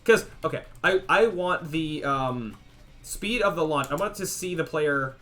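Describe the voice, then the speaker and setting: A young man talks through his game tests on a livestream, musing and trailing off as his pitch jumps up and down. Faint music plays under his voice. He restarts his sentences often. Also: animated, measured pace, fairly bright tone. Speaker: game developer streamer. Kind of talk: casual livestream thinking aloud while coding.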